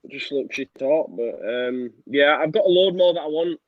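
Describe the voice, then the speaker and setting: A young man with a fairly high voice co-hosts a football fan channel, talking at a moderate pace in easygoing, matey chat and laughing often. The recording is dry, with narrow, tinny audio.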